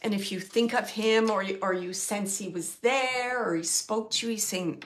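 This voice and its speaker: A woman medium relaying messages to an audience member, speaking softly, often dropping to a hush, with frequent restarts. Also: mid-range voice, moderate pace. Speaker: medium giving readings. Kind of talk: live mediumship reading to an audience.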